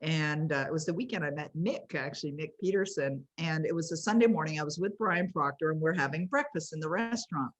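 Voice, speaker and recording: A woman's voice: sits low, a little fast, few pauses. A woman being honoured, telling stories in a casual way on a video call and laughing often. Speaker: author and coach being honoured.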